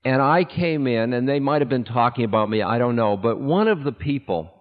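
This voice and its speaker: A man's voice: medium pitch, lively intonation, brisk. A man as a spiritual teacher, telling a personal story to an audience in a candid, self-mocking way that breaks into laughter. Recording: echoey hall, dull older recording.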